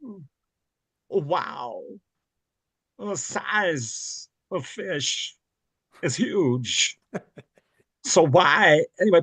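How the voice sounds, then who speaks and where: A man doing an impression of an odd, deadpan middle-aged man who speaks in halting, oddly spaced phrases. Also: on the high side, husky, no room sound, full character voice.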